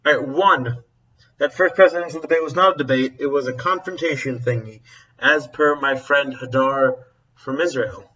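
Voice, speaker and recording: Bright-voiced man rambling casually. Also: medium pitch, moderate pace, distant mic, lo-fi sound. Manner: rambling, self-interrupting, chuckling. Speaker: teacher. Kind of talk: casual vlog chat.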